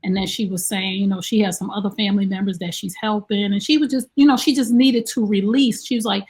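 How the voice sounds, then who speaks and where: A woman co-hosting a casual talk show, telling an animated story and acting out what people said. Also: mid-range voice, fast, breathy edge. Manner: animated storyteller, acts out quoted dialogue. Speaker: co-host; special needs mom. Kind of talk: casual chat.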